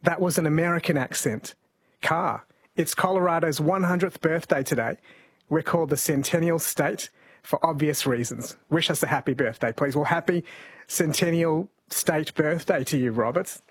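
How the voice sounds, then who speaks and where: A man's voice: on the high side, normal speed, slightly rough, dry recording. A man hosting a call-in radio show, chatting and reading out listener texts. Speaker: radio host.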